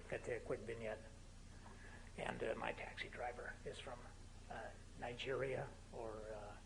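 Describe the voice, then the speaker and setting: A man in his fifties with a notably high speaking voice delivers a political speech in a university lecture hall. He swings from wry, joking asides into fervent, emphatic crescendos, with a faint hum underneath. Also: gravelly. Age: 50s. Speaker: guest speaker.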